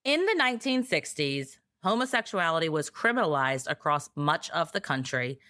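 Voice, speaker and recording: A woman co-hosting a podcast, telling history in a casual, sarcastic, animated way. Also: deep voice, normal speed, smooth, dry recording, clean studio sound. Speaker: podcast co-host.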